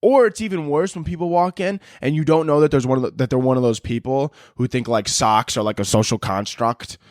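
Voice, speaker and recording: A man of middle pitch rants sarcastically into a close podcast mic, heavy on swearing and mocking asides. The sound is dry with no room echo. He hosts a casual solo show. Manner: profane, sarcastic ranting; animated, mocking, quick asides. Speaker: podcast host.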